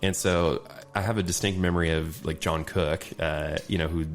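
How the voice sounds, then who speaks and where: A man, a podcast guest, telling casual anecdotes in an animated way and often laughing between them. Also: low voice, moderate pace. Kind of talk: casual storytelling chat.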